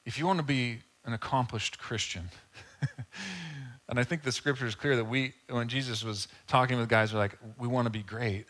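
A male pastor delivering a sermon in an easygoing, conversational tone. His voice sits at a middle pitch, and he talks to the congregation like friends, slipping into brief quoted voices. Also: normal speed, a bit bright.

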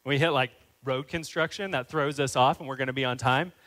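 A man's voice: medium pitch, steady tone, brisk, a bit bright, rough recording. A man preaching a sermon as a pastor, earnest and building into fervent, emphatic questions.

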